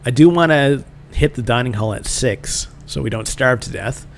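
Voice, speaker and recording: A man talks casually through a video game playthrough, rambling and hesitant with many fillers. His voice sits at an ordinary middle pitch. A faint ambient hum runs underneath. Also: normal speed, vocal fry. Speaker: gaming channel host. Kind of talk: casual let's-play commentary.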